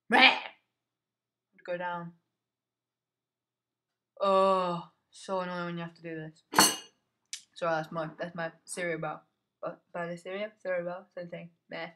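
A man's voice: sits high, creaky, a bit bright. A teenage boy giving casual gameplay commentary. He mutters to himself, swears, and yelps whenever something startles him. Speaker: gamer.

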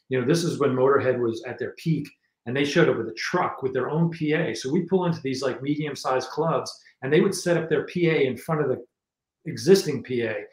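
A man's voice: mid-range voice, reverberant, rough recording. A man, a guest musician telling casual anecdotes with lots of restarts. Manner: rambling anecdotes with many restarts. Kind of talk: casual storytelling interview.

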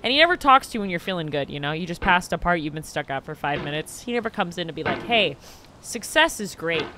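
A woman giving casual, chatty commentary while streaming a video game, sarcastic and swearing, with sudden loud squeals. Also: fairly low pitch, lively intonation, fast talker, background noise.

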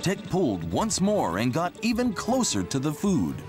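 A man reading a children's story aloud in an expressive, unhurried way. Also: on the high side. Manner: slow, very animated expressive reading. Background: music.

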